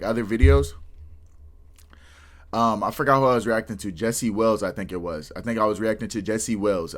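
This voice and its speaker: Casual slang-talking man reacting. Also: on the low side. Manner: casual, slang-heavy, rambling with restarts. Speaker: reaction video host.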